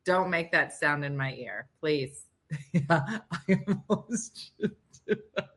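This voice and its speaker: A woman's voice: low voice, slow pace, fairly bright tone. A woman co-hosting a morning radio show, chatting casually, teasing her co-host and laughing often.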